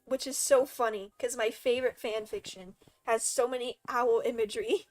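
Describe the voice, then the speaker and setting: High-voiced animated young woman streamer. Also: normal speed, soft background music. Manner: animated, swears freely, laughs often. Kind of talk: casual stream chat with friends.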